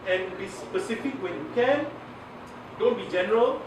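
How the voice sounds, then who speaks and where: His voice sits high and expressive at a normal speed as this Malaysian-accented media communication trainer chats through a workshop lecture. He laughs a lot and slips in Malay words, while the distant recording is echoey and noisy.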